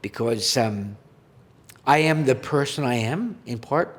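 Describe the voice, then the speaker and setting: Here the same kind of emotional storytelling comes at a slow pace: a Canadian man, a former goaltender and podcast guest, speaks earnestly and with feeling in an animated mid-range voice. He reads a list of names aloud, heartfelt throughout, with long hall reverb on the recording.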